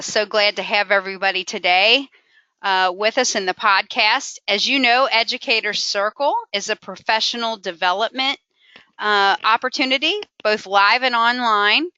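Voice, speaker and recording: Woman podcast host, bright clear voice, dull lo-fi dry sound. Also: mid-range voice, no room sound. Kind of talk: podcast introduction.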